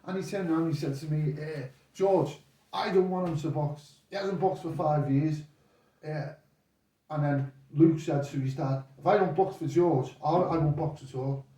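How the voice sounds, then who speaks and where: Here a boxing coach guest, an older man, tells meandering stories at a moderate pace, his voice sitting on the high side. The mic is far from him and the room echoes. In this casual storytelling chat he animates each retelling by quoting the voices of the characters.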